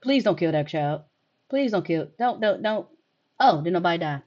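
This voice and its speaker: A woman giving let's play commentary on a horror game with expressive, dramatic reactions. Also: fairly low pitch, moderate pace, muffled recording. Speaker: gaming streamer.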